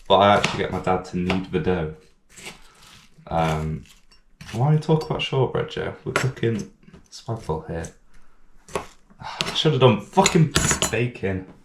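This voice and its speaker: A man's voice: low-pitched, animated, measured pace, long pauses, noisy background. A man hosting a casual home cooking vlog in his kitchen. He rambles, mocks himself and swears a lot while he chops. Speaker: cooking channel host. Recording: echoey kitchen with clattering pans.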